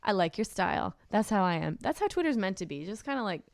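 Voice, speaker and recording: A young woman hosting a podcast, her voice smooth and resonant with a bone-dry, close sound. She talks in a sarcastic, animated way and laughs often. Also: mid-range voice, quick pace, no echo. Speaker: podcast co-host. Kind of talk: casual podcast chat.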